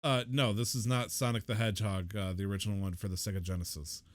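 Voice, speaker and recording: A man's voice: on the low side, fairly even intonation, fast, no room sound, studio quality. Joking, rambling male podcast co-host. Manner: jokey, rambling, swears casually. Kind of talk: casual podcast chat.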